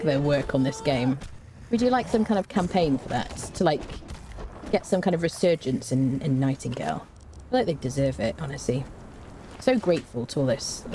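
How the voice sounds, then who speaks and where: A woman streamer chats casually with her viewers as she plays, humming little tunes in between. Her voice sits low and mellow, with wide, lively swings in pitch. There is a faint hiss under the recording. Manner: chatty, hums tunelessly between remarks, reads and answers chat. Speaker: game streamer. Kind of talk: casual live-stream chat while playing.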